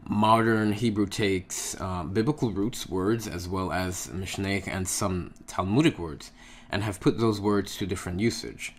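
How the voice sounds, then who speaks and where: A man with a very low voice teaches a relaxed lesson at an unhurried pace. He explains patiently and checks in with his listeners often. A faint background hum sits under the recording. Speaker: Hebrew language teacher.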